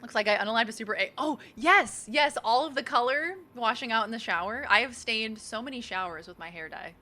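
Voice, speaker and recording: A young woman with a Boston accent, from the Boston area, streams gameplay while chatting casually and self-deprecatingly to her audience. Her voice is on the high side, fairly quick, bright and forceful.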